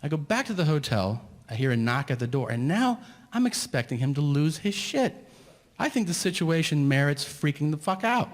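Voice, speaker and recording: A man's voice: a little high, big pitch swings, moderate pace. A man telling a long stand-up story, exasperated and profane, acting out the people in it on a live stage mic. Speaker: stand-up comedian. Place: theater stage before a laughing crowd. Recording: live hall with long reverb, faint noise.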